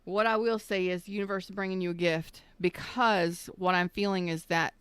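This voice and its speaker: A tarot reader gives a live reading, choked up and emotional, speaking slowly and soothingly with halting pauses. Her somewhat low voice is smooth and resonant, with fairly even intonation. The recording is close and dry.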